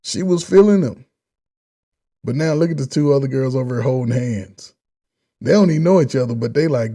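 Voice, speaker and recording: A man giving blunt, animated reaction commentary on a dating show clip, talking in casual slang. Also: mid-range voice, fairly quick, long pauses.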